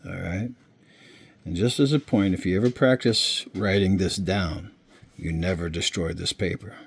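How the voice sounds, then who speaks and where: A man giving an informal Bible lesson, explaining slowly and checking in often with his listeners. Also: low voice, creaky, slightly rough. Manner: slow, unhurried explaining with frequent check-ins. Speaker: Bible teacher. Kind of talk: informal screen-share teaching.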